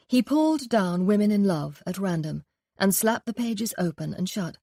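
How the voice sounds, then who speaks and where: A woman narrating a mystery audiobook in an even, measured reading. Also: mid-range voice, gravelly, dry recording, clean studio sound. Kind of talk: scripted narration.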